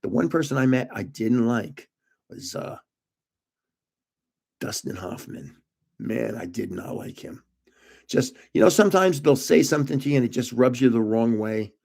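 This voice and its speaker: A man's voice: medium pitch, animated, moderate pace, creaky, pauses often, darkish tone. Rambling older man telling stories. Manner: rambling anecdotal, chuckles at own jokes. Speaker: channel host. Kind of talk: casual storytelling.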